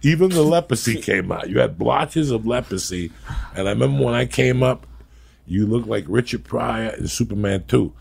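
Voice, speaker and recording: Middle-aged guy on a podcast, super gravelly and husky, swearing through his stories. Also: medium pitch, lively intonation, moderate pace, darkish tone. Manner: profane, rambling storyteller. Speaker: podcast guest. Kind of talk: casual comedic chat.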